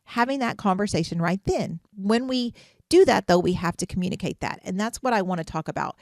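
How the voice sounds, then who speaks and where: A woman's voice: mid-range voice, animated, brisk, a little mellow, no room sound. Middle-aged woman therapist doing her podcast, chatty and earnest, dry close sound. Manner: earnest, conversational, with frequent restarts and rhetorical questions. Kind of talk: casual advice podcast monologue.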